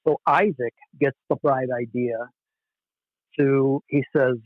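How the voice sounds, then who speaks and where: A man in his forties from Southern California recounts old times as a podcast guest. He is easygoing and anecdotal and often laughs at himself. His voice sits at a middling pitch, and the recording is dry, slightly dull and lo-fi. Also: fairly even intonation, slow pace, dry recording. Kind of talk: casual storytelling in a podcast interview.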